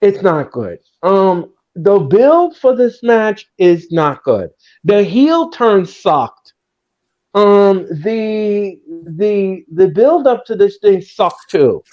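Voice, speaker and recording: A man hosting a casual wrestling chat, ranting and hammering the same words again and again. His pitch swings widely as he talks. The audio is dull and lo-fi. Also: very animated, drawn-out words. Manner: ranting, repetitive and emphatic. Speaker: podcast host.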